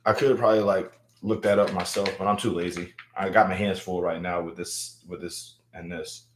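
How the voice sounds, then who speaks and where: Young man hosting a casual livestream, lowish voice, echoey room, animated and repetitive. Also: normal speed, a little hiss or hum. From Louisiana. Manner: animated, repeats words, hypes up viewers. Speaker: livestream host. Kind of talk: casual livestream chat reading viewer comments. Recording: roomy echo.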